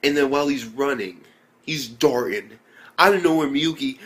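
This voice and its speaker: A man's voice: medium pitch, normal speed, fairly bright tone. A young man casually reviewing an anime episode, rambling loosely with lots of fillers and swearing.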